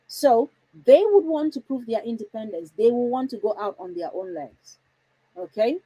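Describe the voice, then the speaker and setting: A woman's voice: a little high, animated, normal speed, mellow, slightly rough, no echo, poor audio. A woman hosting a parenting livestream from home, chatty and reassuring, often putting questions to her viewers. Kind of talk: casual livestream talk.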